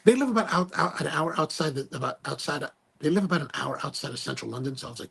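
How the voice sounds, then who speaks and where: Guy host spinning a yarn, gravelly, bit husky, voice jumps around a lot, lots of restarts and "man". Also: a little high, fast. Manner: animated, restarts and repeats, slangy. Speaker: podcast host. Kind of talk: casual storytelling.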